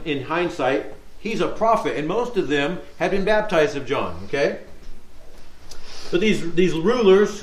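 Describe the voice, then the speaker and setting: A man leading a Bible study, reading scripture aloud and talking it through conversationally with rhetorical questions. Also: fairly high pitch. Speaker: Bible teacher. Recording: echoey room sound.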